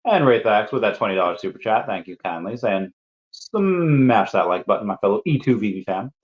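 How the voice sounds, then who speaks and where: A man's voice: lowish voice, expressive, a little fast. A man hosting a casual livestream, reading viewer comments aloud and answering them with playful asides. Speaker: livestream host. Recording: dull lo-fi stream audio.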